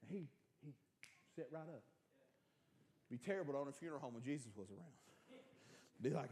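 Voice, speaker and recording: A man preaching, his voice sitting high for a man. He swings from loud, shouted passages to hushed, soft storytelling, tumbling over repeated words as he goes. It sounds like a sermon given in a church. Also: brisk, long pauses. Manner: repeats and restarts words in bursts. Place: church sanctuary.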